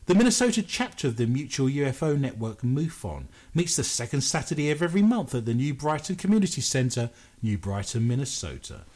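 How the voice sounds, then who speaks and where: A man's voice: mid-range voice, big pitch swings, fairly quick, hardly any pauses, darkish tone. A British man hosting a paranormal news radio show, joking and making fun of himself as he talks. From Britain. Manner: playful, jokey, self-mocking.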